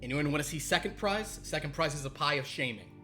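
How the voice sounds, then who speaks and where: A man's voice: animated, quick pace, soft background music. A man voicing an arrogant, abusive male cartoon wristwatch boss who barks and brags at his workers. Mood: bullying. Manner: loud, bullying, barking sales-pitch rant.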